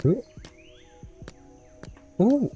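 A man's voice: very slow, warm tone, soft background music. A man casually commenting on a game as he plays, thinking aloud and reading the on-screen text. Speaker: gaming video creator. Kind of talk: casual let's-play commentary.

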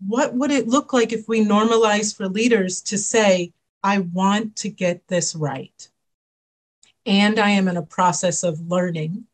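Woman consultant on a panel, measured and thoughtful, mid-range voice. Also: medium pitch. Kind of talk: panel discussion.

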